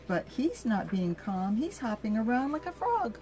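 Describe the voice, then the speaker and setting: An older woman reading a picture book aloud to her grandchild, slow and gentle, stopping to ask the child questions. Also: a little high, sing-song, faint music behind.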